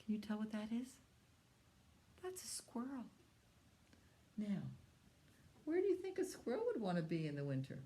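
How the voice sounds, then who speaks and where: A woman librarian leading a storytime for young children, animated and coaxing, asking them questions and often dropping to a hushed whisper. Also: mid-range voice, normal speed, pauses often, a little hiss or hum. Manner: asks the children questions and invites them to join in.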